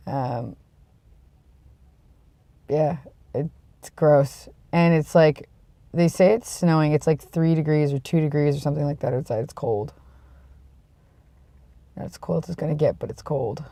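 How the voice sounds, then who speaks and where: A sick vlogger talks casually to the camera, sniffly, congested and yawning through a rambling, self-deprecating chat. The voice is gravelly with a dark, mellow tone, recorded close and dry. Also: measured pace, long pauses, no echo. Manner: rambling, self-deprecating, trails off into low mumbles. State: tired and yawning.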